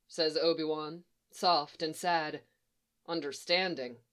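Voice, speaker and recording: A woman narrating a story aloud in an expressive, animated reading. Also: low-pitched, unhurried. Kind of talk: storybook reading of fan fiction.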